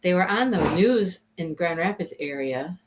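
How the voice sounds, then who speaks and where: A woman from Michigan with a Michigan accent, co-hosting a casual chat, talkative and quick to laugh. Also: lively intonation, crowd noise, rough recording. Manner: chatty, laughs often, mimics voices with high squeals. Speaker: co-host.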